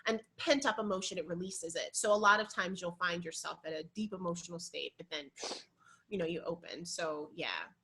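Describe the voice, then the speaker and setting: Woman podcast guest, bright tone, expressive, chatty storyteller. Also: fairly low pitch, brisk, slightly rough, rough recording. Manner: expressive, warm storytelling with frequent fillers. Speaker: guest, intuition guide. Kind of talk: conversational podcast interview.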